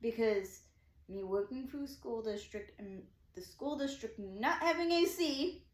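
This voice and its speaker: A woman's voice: fairly high pitch, unhurried, reverberant. A woman telling a story from her day casually, rambling with many restarts and acting out what people said. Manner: rambling, full of "I'm like" and restarts; excitable, acting out quoted dialogue. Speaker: vlogger recounting her day.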